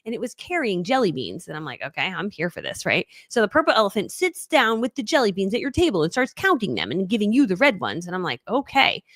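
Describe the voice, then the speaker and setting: A bubbly, high-energy woman teaching a live online class, racing through her points. Her mid-pitched voice sounds close and completely dry. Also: very animated, quick pace, hardly any pauses, a bit bright, no echo. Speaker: online business coach.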